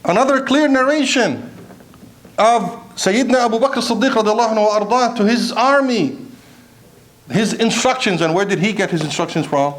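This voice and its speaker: Speaking at a moderate pace in a high voice, a man delivers a Friday sermon. He preaches passionately, poses pointed rhetorical questions to his listeners, and slips into Arabic recitation.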